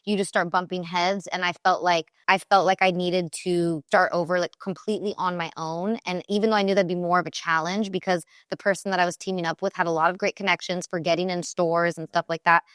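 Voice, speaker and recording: A woman in her thirties, a TV personality and recording artist, chatting in an interview and telling animated stories full of fillers. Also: fairly low pitch, brisk, hardly any pauses, dry recording, studio quality. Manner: chatty, animated storytelling with many "like" fillers and laughs. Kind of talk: casual interview chat.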